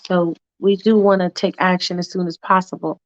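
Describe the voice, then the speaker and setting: A woman voicing a grave male doctor who speaks low, softly and haltingly, apologizing. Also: level tone, no echo, dull audio, natural voice. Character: hesitant male doctor, soft-spoken and grave.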